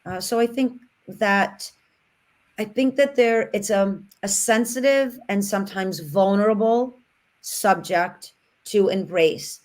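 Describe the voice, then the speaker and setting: A woman's voice: mid-range voice, takes it slowly, darkish tone. A woman on a casual podcast, speaking reflectively and building her points in long flowing lists.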